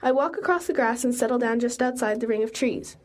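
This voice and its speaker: A young adult woman reading a first-person story aloud in an earnest, steady way. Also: fairly high pitch, a little fast. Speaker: narrator.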